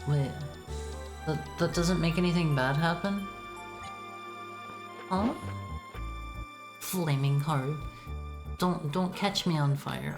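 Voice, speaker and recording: A woman's voice: sits low, slow pace, pauses often, over music. A woman chatting casually while streaming a retro game, stammering and repeating words, reading text aloud. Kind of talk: casual gaming stream chat.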